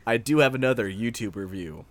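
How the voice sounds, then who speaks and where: A man co-hosting a casual podcast, relaxed and dry as he reads out reviews. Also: mid-range voice, brisk. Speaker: podcast co-host. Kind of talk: casual chat, reading reviews aloud.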